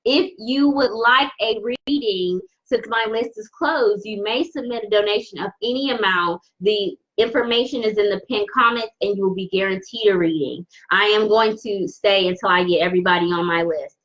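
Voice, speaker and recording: A woman's voice: mid-range voice, normal speed, few pauses, a bit bright, dull audio. A woman giving a live-streamed tarot reading, effusive and repeating phrases for emphasis. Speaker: tarot reader.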